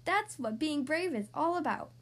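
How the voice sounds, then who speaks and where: A kind bear doctor from a storybook speaks calmly and reassuringly, as a woman voices her. Her voice sits high and gentle. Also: moderate pace. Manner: calm, reassuring.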